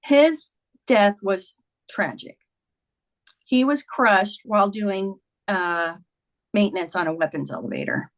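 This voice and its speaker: A woman's voice: mid-range voice, animated, takes it slowly. Woman in her 50s on a podcast, earnest and emotional, keeps saying "like" while she tells her story. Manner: earnest, emotional retelling with many "like"s. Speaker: podcast guest, author. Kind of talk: personal storytelling in a conversation.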